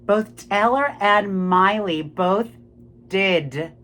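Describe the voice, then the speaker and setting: An animated man rants through a political monologue, swearing heavily and repeatedly turning to the listener with "my friends, right?" His voice sits high and moves extremely slowly.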